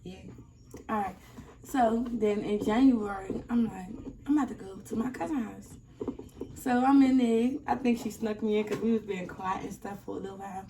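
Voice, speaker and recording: A young woman vlogger telling a casual storytime, animated and acting out the people in it. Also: medium pitch, moderate pace. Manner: animated, acts out quoted people. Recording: slightly distant mic, faint noise.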